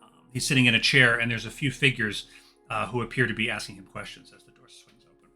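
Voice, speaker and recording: Male game master, hesitant with fillers, very bright voice, faint background music. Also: mid-range voice, steady tone, fast talker. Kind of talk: narrating a tabletop game.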